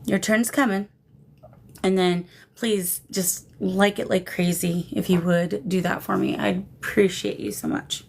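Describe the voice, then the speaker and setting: A woman's voice: medium pitch, fairly even intonation, a little slow, vocal fry. A woman hosting a paranormal livestream in casual chat, greeting viewers with affectionate pet names over a phone camera. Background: shamanic drumming.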